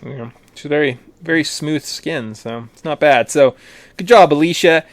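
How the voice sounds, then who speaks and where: A man's voice: fairly high pitch, moderate pace, dry recording. A man with a Canadian accent co-hosting a hockey podcast, talking loosely and joking, laughing easily. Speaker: podcast co-host. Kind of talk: casual chat.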